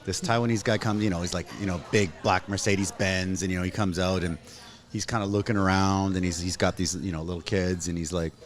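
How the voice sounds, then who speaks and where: A Canadian man in his thirties hosting a casual chat, telling stories with animated acted-out quotes. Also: low voice, a little fast. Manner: animated storyteller, acts out quotes. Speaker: host.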